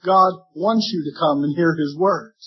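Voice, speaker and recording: A man with a fairly high, husky voice preaches earnestly to a congregation, giving voice to the objections his listeners might raise. The recording is dull and lo-fi, as if taped in a church. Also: measured pace. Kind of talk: sermon.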